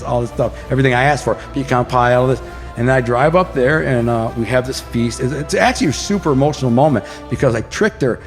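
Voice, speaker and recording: A man's voice: mid-range voice, in a large hall. A man telling his life story as an interview guest, loose and slangy, with lots of restarts. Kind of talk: casual storytelling.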